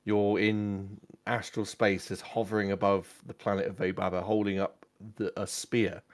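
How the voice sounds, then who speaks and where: A man's voice: lowish voice, flat delivery, moderate pace. A man narrating a tabletop game as game master, casual and full of fillers.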